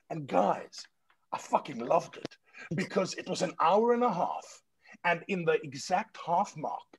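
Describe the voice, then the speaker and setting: A man's voice: high-pitched, husky. A South African man, a stage actor guest, telling stories in casual chat and acting out dialogue, swearing freely. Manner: lively raconteur, swears freely, acts out dialogue. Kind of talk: animated storytelling in casual chat.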